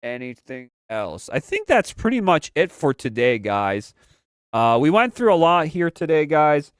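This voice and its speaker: A man's voice: fairly high pitch, very animated, unhurried, smooth, dry recording, studio quality. A young man hosting a live stream, chatting casually about games and movies, rambling and repeating himself in slangy talk. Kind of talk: casual pop-culture commentary.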